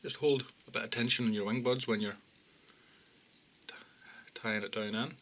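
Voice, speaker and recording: Man, calm tutorial voice, plain instructions, quiet moments, faint background noise. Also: on the low side, normal speed. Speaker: fly-tying instructor. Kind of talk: step-by-step tutorial narration.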